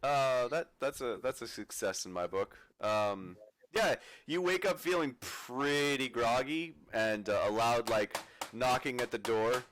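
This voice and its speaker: A man running a tabletop game as dungeon master, relaxed and laughing often. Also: medium pitch, measured pace.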